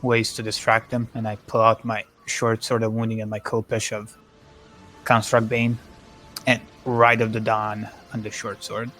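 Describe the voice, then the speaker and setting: A man's voice: fairly low pitch, completely flat delivery, moderate pace, a bit bright, soft background music. A man playing a tabletop game, eager and rambling, full of fillers. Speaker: player. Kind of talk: casual tabletop play.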